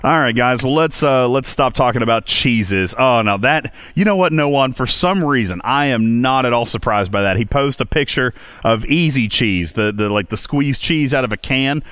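A man's voice: medium pitch, lively intonation, moderate pace, few pauses, fairly bright tone, smooth, no room sound. A man hosting a casual podcast for a video game, joking and teasing, laughing often. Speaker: podcast host.

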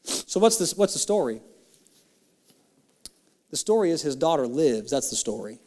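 A male pastor preaching a sermon and reading scripture. He is impassioned, and his voice climbs high on emphatic questions. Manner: reads old-style scripture in a quick, steady run.

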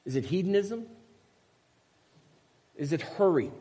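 A man's voice: sits high, animated, a little slow, mellow, breathy edge. An older man, a pastor, preaching a conversational sermon full of personal stories and rhetorical questions. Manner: storytelling with asides and rhetorical questions. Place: church sanctuary. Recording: long reverb of a church hall.

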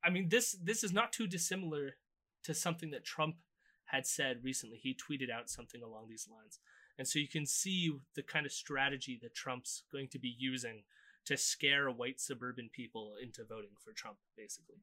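A man's voice: medium pitch, moderate pace, pushed and bright. A man co-hosting a podcast, recapping clips in a loose, sardonic casual chat. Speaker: podcast co-host. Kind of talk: casual political commentary chat.

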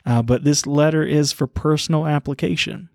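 A man co-hosting a Bible study podcast, telling a story in an earnest, halting way. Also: fairly high pitch, fairly even intonation, vocal fry, darkish tone, no echo, clean studio sound. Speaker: podcast co-host.

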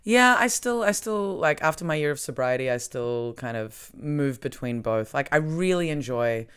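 A man in casual chat, animated and playful, with frequent laughs and a self-mocking tone. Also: a little high, moderate pace, clear, resonant tone.

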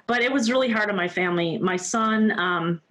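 On an interview show, a woman in her fifties tells her personal story earnestly and from the heart, leaning often on "you know" and "like." Her mid-range voice is a bit bright and a little fast, with a slight hiss or hum in the recording.

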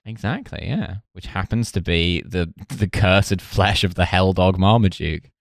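A man co-hosting a podcast in a casual chat, recapping a TV episode with dry, crude deadpan humor. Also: deep voice, a little slow, dry recording. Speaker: podcast co-host.

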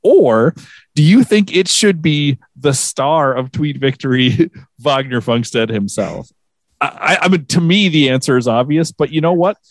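A podcast co-host, this man bats a silly case back and forth with playful, mock-serious conviction. His voice sits a little high for a man. The sound is close and dry, with no room echo. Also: measured pace. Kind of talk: casual podcast banter.

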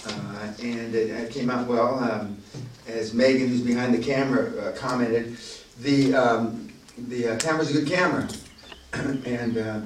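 A man leading a business seminar, talking bluntly and profanely and building to loud, emphatic bursts. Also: mid-range voice, background noise. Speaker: seminar leader. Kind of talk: profane motivational seminar talk. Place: castle seminar room. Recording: echoey room, voice from far off.

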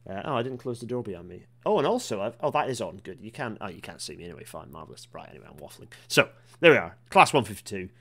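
A man's voice: fairly low pitch, sing-song, quick pace, a bit bright. Man waffling through rail commentary. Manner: waffling, self-interrupting, with many fillers and restarts. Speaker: host of a rail chat stream. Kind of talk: casual rambling commentary.

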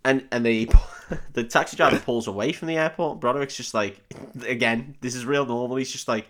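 A man's voice: mid-range voice, brisk, a bit bright. A man, co-hosting a comedy podcast and recapping a film in a casual, swearing way, laughing often and acting out characters.

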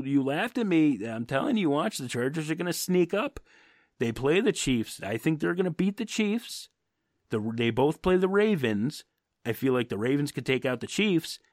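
Brash and profane, a man co-hosting a football podcast rants his views in a casual sports rant. His voice is mid-range, and the studio-quality audio has no room sound.

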